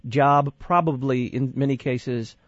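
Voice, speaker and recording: A man hosting a radio interview, measured, posing questions and reading out contact details. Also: mid-range voice, fairly even intonation, dry recording, highs cut off. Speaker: radio host.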